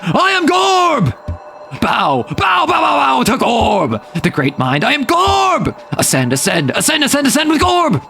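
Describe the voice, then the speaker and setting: A man's voice: extremely high pitch, wildly swooping pitch, measured pace, gravelly, bright, forceful tone, raised voice, slight background noise, pitched above the performer's own voice, full character voice. A man voicing a grandiose, self-worshipping male spirit who chants proclamations.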